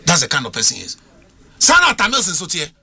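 A middle-aged man with a Ghanaian accent makes his case on a political talk show. His voice is very bright and cutting, and his pitch climbs and falls widely. He pushes every point with emphatic rhetorical questions. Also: huge pitch swings, fast, gravelly, slightly rough. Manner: emphatic, argumentative, rhetorical questions, mixes languages. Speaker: political panelist.

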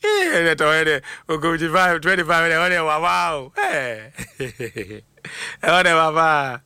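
Guy hosting a live stream, bright forceful voice, bouncy shout-outs, dry close sound. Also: fairly high pitch, unhurried, clear, resonant tone, no room sound. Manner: animated, switches between Twi and English, laughs often. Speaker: livestream host.

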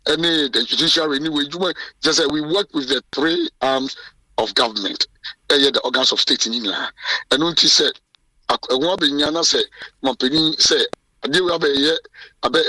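A man's voice: fairly high pitch, sharp tone, dry recording. Emphatic Ghanaian man, far from the mic. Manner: code-switching, emphatic, frequent restarts. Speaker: president of a journalists' association. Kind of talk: radio interview.

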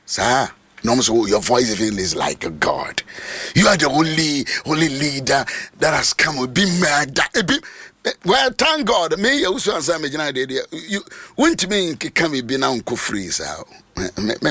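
A Ghanaian man preaching a sermon, mixing Twi and English and swinging from low speech to high shouts. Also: sing-song, a little slow, breathy edge, no echo.

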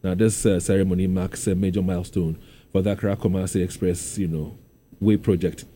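A man presenting on radio, chatting casually about the day's news and reading sponsor notes, with a relaxed manner and lots of "you know". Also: deep voice, fairly quick, a little hiss or hum. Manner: relaxed, filler-heavy with frequent "you know". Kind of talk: casual studio discussion.

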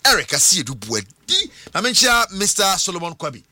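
A man's voice: high voice, a little fast, no room sound. A man hosting a casual sports chat, switching between English and Twi. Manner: lively, mixing English and Twi. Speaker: radio sports host.

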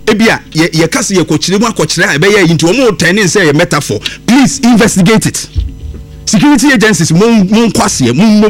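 A man with a Ghanaian accent hosting a radio show, giving an impassioned commentary that switches between English and Twi. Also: high voice.

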